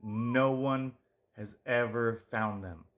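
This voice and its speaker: A man's voice: mid-range voice, takes it slowly. A man co-hosting a podcast, chatting loosely about true crime, swearing often and losing his train of thought. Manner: rambling, swears a lot, trails off. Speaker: podcast co-host. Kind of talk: casual true-crime chat.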